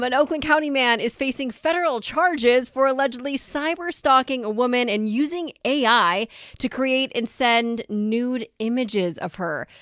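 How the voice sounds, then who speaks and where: A woman's voice: fairly high pitch, fairly bright tone, dry recording, studio quality. Casual female radio news reader. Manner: conversational, loose reading with fillers. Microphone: studio microphone.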